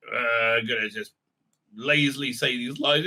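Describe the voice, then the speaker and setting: A man's voice: fairly high pitch, lively intonation, moderate pace, bright, forceful tone. A man reviewing a show in a casual, rambling recap. He hesitates a lot, piles up fillers and keeps an irreverent tone. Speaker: video reviewer.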